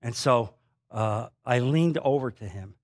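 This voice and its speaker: A man preaching a sermon in a confessional storytelling manner, swinging between loud emphasis and hushed asides. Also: mid-range voice, measured pace.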